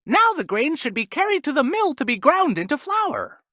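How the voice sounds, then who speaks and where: Two tiny, playful storybook mice chatter in squeaky, excited voices, as a woman acts them out. The voice sits very high and bright and swoops widely as it draws out each word. The recording is dry and close. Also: normal speed, no echo, exaggerated voice.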